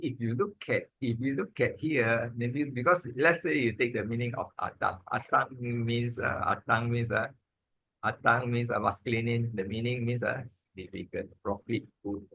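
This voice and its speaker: A man, teaching Pali grammar in an informal lesson, halting and repeating himself, with many "ah" and "lah" fillers. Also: medium pitch, gravelly, husky, dry recording, lo-fi sound.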